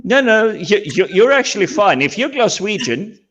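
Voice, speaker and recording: A man from Scandinavia chatting casually on a panel, animated and stumbling over his words as he tells anecdotes. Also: sits high, moderate pace, slightly rough. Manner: animated, stammering restarts, laughs while talking. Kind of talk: casual chat. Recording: dull lo-fi audio.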